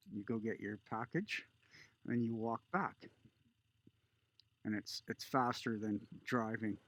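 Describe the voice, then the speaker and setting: Slow-talking man telling a story. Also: mid-range voice, no echo. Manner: relaxed, conversational, with filler pauses. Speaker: vlogger. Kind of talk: casual storytelling.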